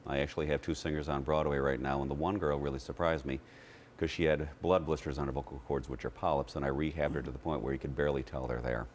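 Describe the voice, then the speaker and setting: A man's voice: a bass voice, fairly even intonation, quick pace, a little hiss or hum. A man who teaches voice, explaining his methods in a TV interview and demonstrating vowels as he talks. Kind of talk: TV interview, explaining with sung demos.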